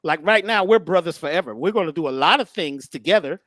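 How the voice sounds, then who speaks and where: A man speaking at a spiritual workshop in a halting, stammering, preachy way. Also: on the high side, expressive, fairly bright tone, no echo. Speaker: guest speaker.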